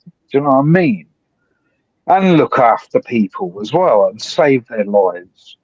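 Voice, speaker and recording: A man, calling into a live stream and rambling excitably with plenty of swearing. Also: mid-range voice, a little slow, husky, no room sound. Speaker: guest caller on a live stream. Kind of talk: rambling casual chat. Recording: dull dry call audio.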